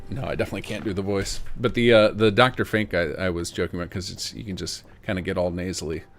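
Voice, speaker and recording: Gravelly man talking through his modding. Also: sits low, fairly even intonation. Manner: rapid, casual thinking aloud with joking asides. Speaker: game modder streaming his work. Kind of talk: live commentary while modding.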